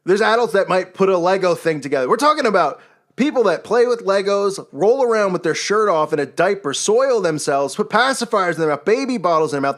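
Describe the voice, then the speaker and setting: High-voiced man ranting indignantly. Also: lively intonation, a little fast, a bit bright. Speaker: online commentator. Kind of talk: religious commentary rant.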